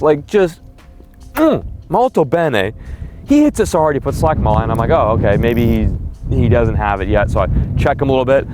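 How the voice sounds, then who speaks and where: A man vlogging while fishing from a boat on a lake, giving casual, excitable running commentary and chatting to the fish and trees he snags. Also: mid-range voice.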